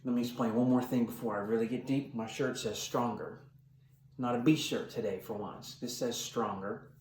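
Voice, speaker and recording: A man's voice: mid-range voice, fairly even intonation, moderate pace, a little mellow, a little hiss or hum. A middle-aged man, a corrections sergeant, giving blunt, emphatic training advice to camera. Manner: blunt, emphatic, tough-talking. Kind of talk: instructional talk to camera. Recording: roomy sound, mic at a distance.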